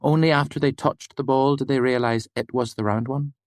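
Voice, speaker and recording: A man's voice: medium pitch, fairly even intonation, fairly quick, dry recording, clean studio sound, voice pushed up, close to an everyday voice. A man doing an earnest young woman student. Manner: earnest, insistent.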